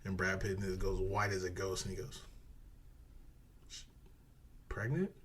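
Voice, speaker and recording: A man co-hosting a podcast, casually retelling a movie plot in a rambling, animated way, swearing and acting out quotes. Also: deep voice, brisk, a little hiss or hum. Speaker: podcast co-host.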